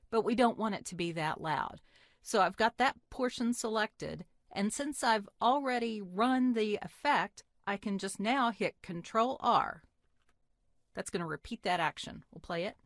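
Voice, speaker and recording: A woman teaching a software tutorial, explaining each step in a friendly, plain way into a desktop microphone. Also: medium pitch, no room sound, clean studio sound. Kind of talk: screen-recorded software tutorial.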